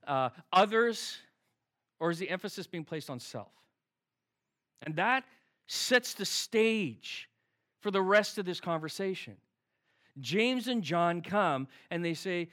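A man with a notably high voice delivers a sermon as a pastor. He prays, then talks through scripture in a conversational tone and keeps asking rhetorical questions. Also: sharp tone. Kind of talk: sermon with prayer. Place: preaching to an online audience at home.

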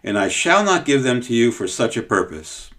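A man's voice: mid-range voice, sing-song, moderate pace, fairly bright tone, pitched above the performer's own voice. A man voicing a stubborn, kindly peasant boy who speaks earnestly and firmly. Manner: earnest and firm.

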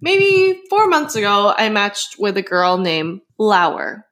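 A woman co-hosting a laid-back podcast, reading a listener's story aloud and breaking off for chatty asides. Her voice sits at an ordinary middle pitch. She laughs easily between lines. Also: big pitch swings, takes it slowly, a bit bright. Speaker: podcast co-host. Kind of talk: casual chat and story reading.

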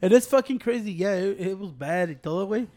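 A man, co-hosting a casual, profane debate, blunt and quick to cut in while mixing in Spanish. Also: sits high, lively intonation, darkish tone. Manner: blunt, code-switches, cuts in. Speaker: podcast co-host.

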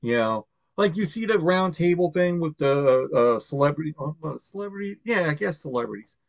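Rambling, profane podcast host, lo-fi. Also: male voice, a little high, lively intonation, fairly quick, gravelly, dry recording. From Long Island, New York. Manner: rambling and profane, with many fillers and restarts. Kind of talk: casual podcast chat. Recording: dull, lo-fi, dry sound.

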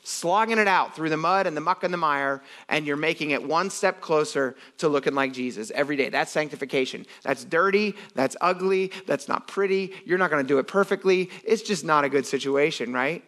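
Animated man preaching a casual sermon. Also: fairly high pitch, brisk, hardly any pauses. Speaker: pastor. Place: church sanctuary.

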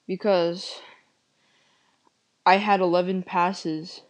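Slow, low-voiced woman in mock despair. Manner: overly dramatic, deadpan despair. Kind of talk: mock-serious comedic confession.

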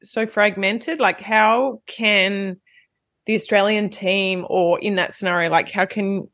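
A woman's voice: medium pitch, steady tone, slow, a bit bright, dry recording, studio quality. A woman hosting an interview podcast, asking rambling questions with restarts. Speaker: podcast host. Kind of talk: casual interview chat.

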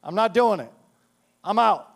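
A man's voice: high voice, lively intonation, unhurried, creaky, exaggerated voice. A male preacher voicing Jesus in a casual, slangy, exasperated way during a sermon.

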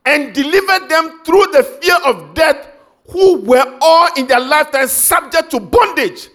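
A man's voice: extremely high pitch, animated, measured pace, fairly bright tone. A man preaching an emotional, impassioned sermon.

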